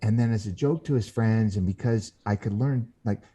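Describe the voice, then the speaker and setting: A man with a very dark, mellow, low-pitched voice. He speaks as a guest in a podcast interview. He tells his stories earnestly, stopping and restarting mid-sentence. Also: husky. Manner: earnest storyteller who acts out quoted voices; halting, with frequent restarts. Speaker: guest author.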